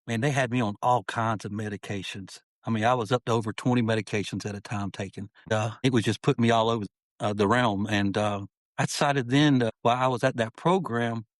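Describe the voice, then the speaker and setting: A man's voice: mid-range voice, fairly even intonation, brisk, no room sound. A middle-aged man telling his life story as a podcast guest, earnest and heartfelt, often saying "man" as he talks. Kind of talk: personal storytelling in an interview.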